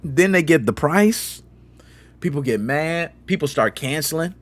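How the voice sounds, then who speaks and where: On his gaming channel, a man whose voice sits on the high side narrates a story a little slowly, using slang and lively energy while performing quotes with sound effects.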